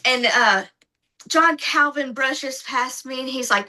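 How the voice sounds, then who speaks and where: Woman guest, high bright voice, lively casual storyteller. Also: takes it slowly, low-quality recording. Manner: lively, acts out other people's lines in her retelling. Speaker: podcast guest.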